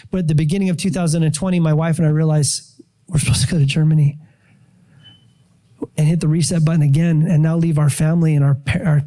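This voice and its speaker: A middle-aged male pastor giving a sermon testimony, telling his story with animated storytelling and acting out his own prayers and surprise. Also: on the high side.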